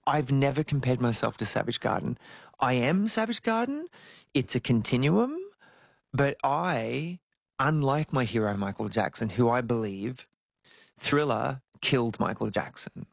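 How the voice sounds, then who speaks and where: Animated man with a gravelly voice. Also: unhurried, no room sound. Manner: animated storytelling, jumps to high squeals when joking. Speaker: interview guest, singer. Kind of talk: casual interview chat.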